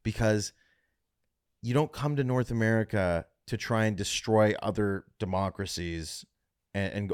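A man's voice: on the low side, clean tone. A comedian from Canada hosting his own podcast, delivering a blunt, profane solo rant. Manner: blunt, profane, fast ranting. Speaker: comedian host.

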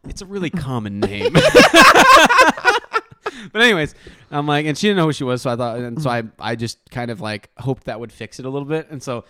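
Animated young man telling a story. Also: mid-range voice, quick pace, clear, resonant tone, no echo, studio quality. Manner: animated storytelling, lots of laughing. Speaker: podcast co-host. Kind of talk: casual chat.

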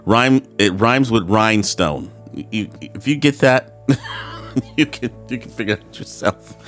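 A man's voice: on the low side, animated, a little slow, fairly bright tone. A man hosting a solo podcast, rambling and swearing with frequent laughs, slipping into voices when he quotes people. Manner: rambling, profane, laughs often; acts out voices in quoted dialogue. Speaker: podcast host. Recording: faint guitar music in background.

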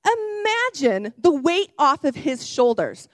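A young woman who works with children delivers a sermon in a high voice that swoops up and down. She talks in a chatty, self-correcting way and breaks into excited shouts. The sound is close and dry. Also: takes it slowly, no echo. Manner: animated, bursts into excited shouts. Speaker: kids ministry worker giving a sermon.

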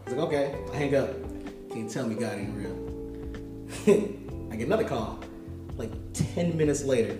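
Animated man telling a story, echoey room. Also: medium pitch, normal speed, pauses often. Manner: animated, laughing, slangy storytelling. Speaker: musician guest. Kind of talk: casual storytelling. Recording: echoey room, distant mic, music behind.

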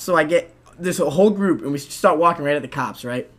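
A young man telling a rowdy story on a casual podcast, animated, swearing and saying "dude" a lot. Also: fairly high pitch, fairly quick.

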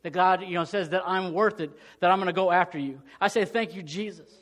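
A man's voice: high voice, fast. Emphatic male pastor preaching. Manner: emphatic, swings from loud urgent peaks to hushed storytelling. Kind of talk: sermon.

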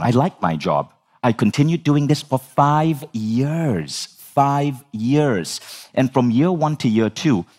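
A man in his forties telling his own story in an animated, humorous way, swearing now and then. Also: medium pitch. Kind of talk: storytelling talk.

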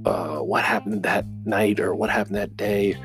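A man voicing a police detective who questions a witness in a plain, matter-of-fact way, a little higher than his own deep voice. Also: fairly even intonation, moderate pace, a bit bright, faint music behind. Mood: questioning.

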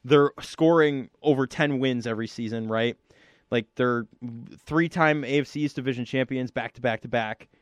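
A man co-hosting a casual sports talk show in a studio. He laughs easily and gives animated opinions. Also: mid-range voice, normal speed, dry recording. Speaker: sports radio co-host. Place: radio studio.

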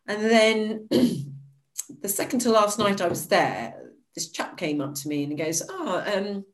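A woman, a podcast guest, telling her life story in a lively, chatty way. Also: measured pace, low-quality recording. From United Kingdom. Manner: lively storyteller, acts out quotes with high bright exclamations. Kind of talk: casual storytelling interview.

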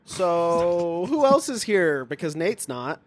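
A man's voice: fairly high pitch, big pitch swings, takes it slowly. A man hosting a podcast, trading crude insult jokes with friends and singing song parodies. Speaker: podcast host. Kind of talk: crude banter.

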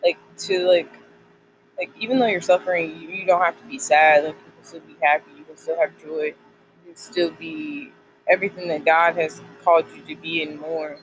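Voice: medium pitch, steady tone, normal speed, slight background noise, poor audio. Rambling twentysomething faith vlogger. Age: 20s. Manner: rambling, many "like" fillers. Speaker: college student sharing faith devotional. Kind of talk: casual faith vlog.

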